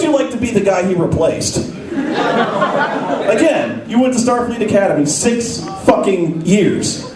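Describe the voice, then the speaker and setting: Man doing live stand-up, high voice, profane ranting, echoey hall, roaring crowd. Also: animated, a little slow. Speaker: stand-up comedian. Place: convention stage, large hall. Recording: echoey hall recording, mic far off. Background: audience laughing.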